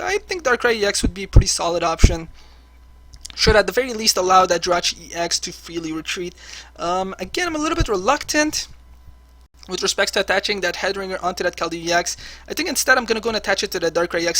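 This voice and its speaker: A man who plays online card games and hosts a channel commentates his own match live as he plays, chatty and packed with filler words. His voice sits high and comes across pushed and bright in a dry recording.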